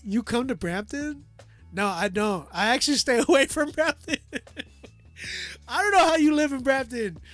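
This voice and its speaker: A man's voice: extremely high pitch, expressive, a little slow, a bit bright, no room sound, soft background music. A man reviewing listeners' songs live on a stream. He talks in a loose, slangy way, laughs often and trails off with "like". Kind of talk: casual live-stream chat.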